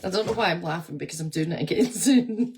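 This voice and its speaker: A woman with a slightly low voice chats casually on her vlog, answering viewer comments. She is animated and talkative, breaking into laughter often as she tells her stories. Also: fast, creaky, a little hiss or hum. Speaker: vlogger and nurse.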